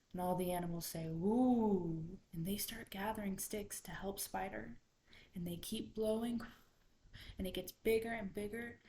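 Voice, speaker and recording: A woman's voice: mid-range voice, a little hiss or hum, low-quality recording. A woman retelling a folktale aloud without a book. She tells it expressively and drops into whispers at the tense moments. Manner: expressive, dropping into whispers for suspense. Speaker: student storyteller.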